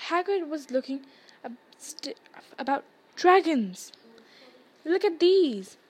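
A woman voicing a complaining, excitable schoolboy wizard with a whiny way of talking. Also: high voice, takes it slowly, pitched above the performer's own voice. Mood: grumbling.

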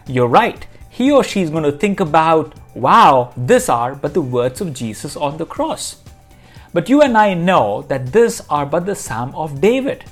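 A man's voice: on the high side, sing-song, measured pace, faint music behind. A man giving a devotional Bible teaching as a pastor, speaking earnestly and reading scripture passages aloud.

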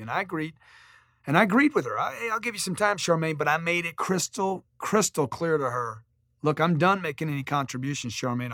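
An emphatic man delivers a motivational sales talk, and his voice sits a little high for a man. He drives his points home and acts out quoted dialogue as he tells stories. The sound is dry and close, with no room echo. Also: a bit bright. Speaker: sales trainer.

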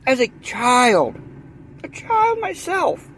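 A man's voice: very high voice, wildly swooping pitch, slow, fairly bright tone, slight background noise. A man with a Southern US accent in a heated, rambling monologue, repeating himself and leaning on fillers. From Southern United States. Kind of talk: ranting monologue.

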